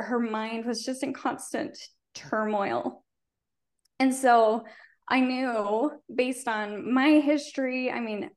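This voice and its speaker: A middle-aged woman from rural Utah, a guest in a casual interview, telling stories earnestly and talkatively with frequent restarts. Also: a little high.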